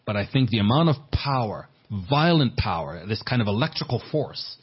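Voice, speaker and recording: Male pastor, husky and earnest, repeats words mid-sermon; muffled, lo-fi capture. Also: on the low side, very animated, normal speed. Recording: dull lo-fi sermon recording.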